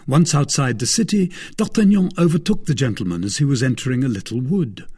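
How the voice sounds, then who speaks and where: A man reads an adventure novel aloud in a measured, storytelling way. His voice is husky and breathy, with lively rises and falls in pitch, at a middle register. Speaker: audiobook narrator. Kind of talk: scripted narration of a classic novel.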